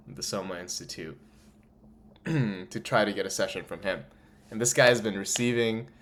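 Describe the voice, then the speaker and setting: A man giving an excited, rambling vlog update with emphatic bursts. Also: fairly low pitch. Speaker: vlogger. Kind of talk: casual monologue.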